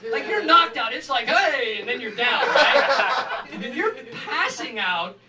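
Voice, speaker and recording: A man's voice: very high voice, measured pace. Man stand-up comic telling a story. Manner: animated, acts out quotes, rambling asides. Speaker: stand-up comedian. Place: live comedy venue. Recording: echoey room, far from mic, audience noise.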